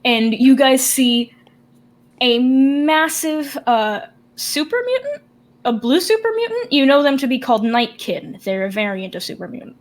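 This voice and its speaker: A woman runs a tabletop game, describing the scene in a loose, chatty way. She giggles between lines and fills pauses with ums. Her delivery is unhurried and casual. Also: high voice, very animated. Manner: giggly, loose, filler-heavy. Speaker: game master.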